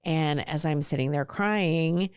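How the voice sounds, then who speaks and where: A woman's voice: sits low, slow, a little mellow, clear, resonant tone, no echo, clean studio sound. A woman in her forties from southern California, a guest telling her story candidly in a casual interview, with lots of "like" fillers. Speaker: guest, ice cream entrepreneur.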